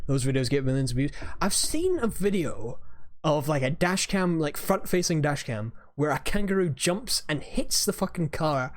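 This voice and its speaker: A man's voice: a little high, animated, normal speed. A man streaming and chatting casually, rambling, swearing freely and laughing at his own tangents as he reacts to videos. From Australia.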